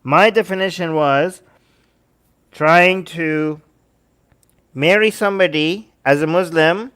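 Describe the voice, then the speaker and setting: A man hosting a livestream, reacting to videos with sarcastic, animated commentary and talking to his chat. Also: fairly high pitch, takes it slowly, smooth. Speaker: livestream host.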